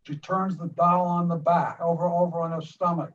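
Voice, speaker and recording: Older man with a fairly high voice. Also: little pitch movement, recorded from a distance, highs cut off. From United States. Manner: retells scenes vividly, with many quick restarts and repeated words. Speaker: filmmaker being interviewed. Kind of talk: animated storytelling of a film scene.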